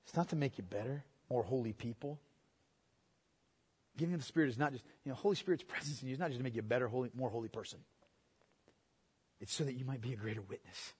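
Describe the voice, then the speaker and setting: A man preaching a sermon with emphatic delivery. He repeats key words and moves between loud proclamation and quiet, intimate asides. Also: mid-range voice, fast talker, pauses often, breathy edge. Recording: long hall reverb.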